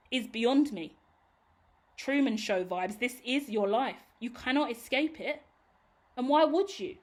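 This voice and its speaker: A woman doing a casual tarot reading to camera. She rambles and reassures, talks straight to the viewer, swears casually and laughs at her own tangents. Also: fairly high pitch. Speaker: tarot reader.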